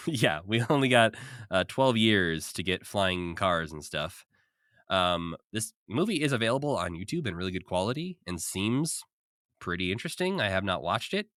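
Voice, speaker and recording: A man co-hosts a podcast in a relaxed, chatty way, laughing often as he recaps. His voice sits a little low, and the close mic sounds dry with no room around it. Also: moderate pace, dry recording. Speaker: podcast co-host. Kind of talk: casual chat.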